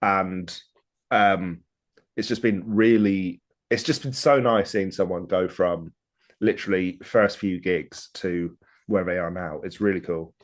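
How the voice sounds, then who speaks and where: Low-voiced man, eager co-host. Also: fairly even intonation. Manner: eager and enthusiastic, quick to agree. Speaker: podcast co-host. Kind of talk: casual podcast chat.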